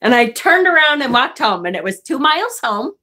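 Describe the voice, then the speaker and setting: A woman's voice: sits high, big pitch swings, brisk, bright, forceful tone. A woman vlogger telling a story in a casual rant to her viewers, exasperated and profane, laughing as she goes.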